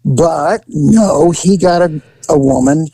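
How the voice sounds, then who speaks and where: A middle-aged man telling a story in casual chat, acting out voices with big jumps in pitch. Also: slow, vocal fry, dark tone, slightly rough, no echo, rough recording.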